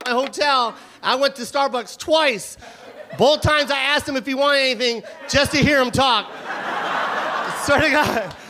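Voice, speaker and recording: Male stand-up comic, high-pitched and animated, shouting and profane; live stage audio with audience laughter and noise. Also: unhurried. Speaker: stand-up comedian. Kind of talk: stand-up comedy routine. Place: comedy venue stage before a live audience.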